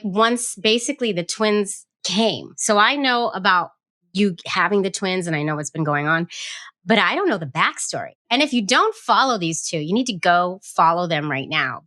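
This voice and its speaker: A woman hosting a podcast, bubbly and effusive, chatting warmly with guests and listeners. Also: mid-range voice, no room sound, clean studio sound. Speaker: podcast host.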